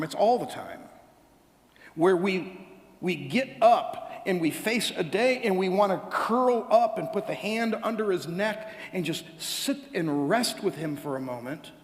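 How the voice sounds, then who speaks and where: A man preaching a conversational sermon as pastor, telling stories in an animated way and acting out both sides of little dialogues. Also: high voice, a little slow. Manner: animated storytelling, acts out dialogues with God. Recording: echoey hall.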